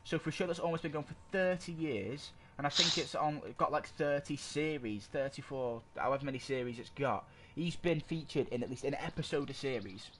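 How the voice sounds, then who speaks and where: Speaking a little fast with hardly any pauses, this co-host's voice sits on the high side. He rambles through his opinions on a casual podcast and often stops to grope for words, recorded noisily on a desk microphone.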